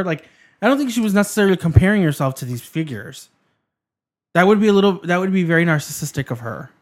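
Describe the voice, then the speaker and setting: A man arguing his side in a casual debate, animated, profane and defensive, with frequent restarts. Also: high voice.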